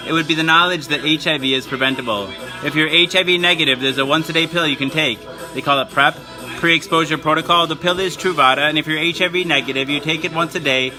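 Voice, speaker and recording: Man with a fairly high voice, campy and playful spoken-word performer, music playing behind him. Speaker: live-stream performer. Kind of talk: theatrical spoken-word monologue; reading a children's book aloud.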